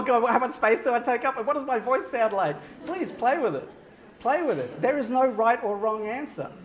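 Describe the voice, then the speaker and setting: Male keynote speaker with a high, animated voice and a roomy hall echo, talking straight to the audience. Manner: animated, audience-directed, frequent "right?" checks. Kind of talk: energetic conference keynote. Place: large conference hall.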